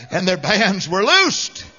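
High, bright-voiced fervent male preacher. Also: huge pitch swings, drawn-out words, husky. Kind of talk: sermon. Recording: dull lo-fi sound with long hall reverb.

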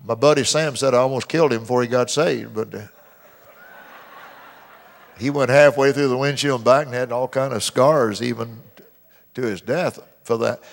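A man preaching a sermon as pastor, stretching out key verses slowly and loudly, with dramatic emphasis. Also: creaky. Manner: mimics complainers in a high whiny voice. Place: church sanctuary. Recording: long reverb of a church hall.

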